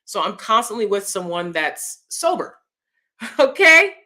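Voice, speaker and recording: A woman hosting her own vlog, talking through celebrity news in a chatty, expressive way and laughing often. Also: medium pitch, measured pace. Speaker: vlogger host. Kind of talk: casual opinion commentary.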